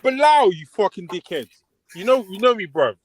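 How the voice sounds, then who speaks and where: A man's voice: high voice, sing-song, normal speed, no echo. Threatening man, dry sound. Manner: threatening, says "blood" and "bruv" constantly. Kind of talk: heated trash talk on a live call-in panel.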